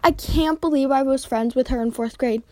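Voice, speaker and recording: A woman's voice: high voice, normal speed, mellow, dry recording, lightly acted. A woman reading the lines of a smug schoolgirl who tattles on a classmate in a homemade story reading. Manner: smirking, tattling.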